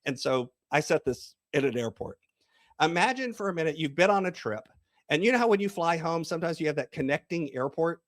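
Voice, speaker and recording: A man's voice: a little high, lively intonation, a little fast, no room sound, studio quality. A man, a coach and author, talking in an interview and acting out small scenes as he tells a story. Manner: storytelling, acts out dialogue. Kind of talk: podcast interview.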